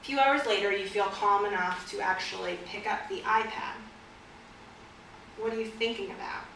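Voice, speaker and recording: A dog trainer teaches a class about fearful dogs in a store or training room, speaking lively to her audience with vivid examples and questions. Her voice is mid-range at a normal speed, with a slight hiss or hum. The echoey room was recorded from a distance.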